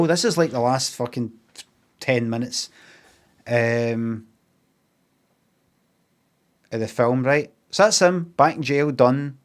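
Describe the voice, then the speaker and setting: A man's voice: medium pitch, takes it slowly, pauses often. Scottish guy rambling through a film plot on stream, swears a lot, loads of ums, ordinary mid voice. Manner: sweary, meandering, with lots of fillers and asides. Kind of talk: casual rambling film recap.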